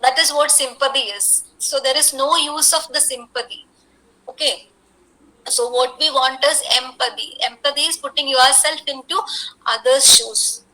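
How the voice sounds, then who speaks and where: A woman's voice: high voice, fairly even intonation, moderate pace, sharp tone, poor audio. A woman, earnestly coaching listeners through an online workshop talk, repeating key points as she goes. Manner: earnest, repetitive, coaxing. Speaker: workshop resource person. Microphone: computer mic on a video call.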